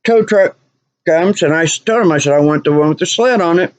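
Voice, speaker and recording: A woman's voice: lowish voice, a little fast, no room sound. A woman vlogger telling a personal story in an exasperated way, repeating lines for emphasis.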